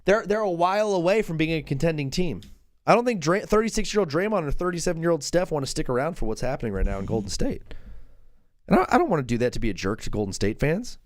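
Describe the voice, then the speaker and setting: Excitable man hosting a sports call-in. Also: on the high side, quick pace, dry recording. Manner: excitable, joking, rambling. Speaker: host. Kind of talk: live sports call-in show.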